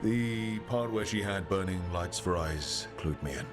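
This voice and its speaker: A man's voice: low voice, a little slow, music in the background. An actor playing a practical male adventurer hero in video game dialogue, speaking in a dry, matter-of-fact way.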